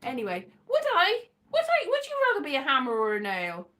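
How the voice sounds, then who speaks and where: A woman's voice: high-pitched, huge pitch swings, brisk, sharp tone. A woman from Wales rambling playfully in a casual monologue, often drifting into half-sung lines. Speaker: vlogger and performer.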